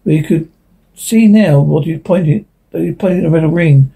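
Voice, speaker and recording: A man's voice: a little high, normal speed, vocal fry, warm tone, breathy edge, low-quality recording. A man reading a science fiction story aloud, stumbling and restarting now and then. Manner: unpolished reading with slips and restarts. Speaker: narrator.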